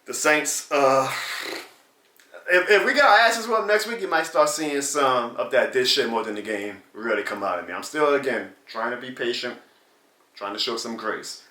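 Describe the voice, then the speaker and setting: A man's voice: medium pitch, moderate pace, bright, forceful tone, echoey room, distant mic. A man hosting a sports reaction channel, venting in a casual, exasperated and sarcastic rant. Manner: exasperated, sarcastic, mocks rival fans in put-on voices.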